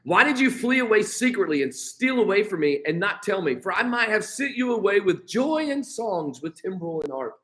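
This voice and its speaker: An American pastor with a bright, high-pitched voice leads a midweek Bible study. He reads passages aloud, then slips into loose modern paraphrase to explain them. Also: sing-song, moderate pace, few pauses, low-quality recording. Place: church.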